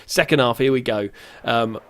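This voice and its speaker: A man's voice: medium pitch, normal speed, a little hiss or hum. A man giving casual, rambling let's-play commentary, reacting aloud and poking fun at himself. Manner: chatty and rambling, self-mocking, reacts aloud to the match. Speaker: gaming YouTuber.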